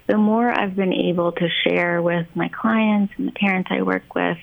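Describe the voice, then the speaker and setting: A woman speaking as a child therapist guest in a casual podcast conversation, thoughtful and unhurried, with many ums and you-knows. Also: fairly low pitch, fairly even intonation, creaky, phone-quality sound.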